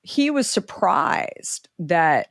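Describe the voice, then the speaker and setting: Her pace is extremely slow, captured in studio quality without room sound, as the middle-aged entrepreneur guest shares a story in relaxed talk. She performs quoted voices lively, with sharp pitch jumps.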